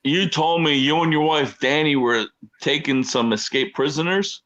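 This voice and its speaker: A man's voice: fairly high pitch, moderate pace, fairly bright tone, muffled recording. A man from Philadelphia co-hosting a live web show, chatty and joking as he tells a story in a rush. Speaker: co-host.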